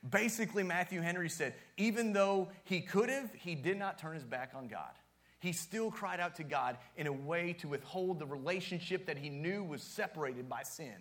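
A man's voice: a little high, normal speed, a bit bright. A man preaching a sermon as youth pastor, casual and joking at times, with strong emphatic rises.

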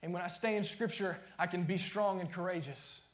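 A man's voice: sits high, brisk, roomy sound. A man preaching a sermon as pastor, emphatic and repetitive, sometimes dropping to a near-whisper.

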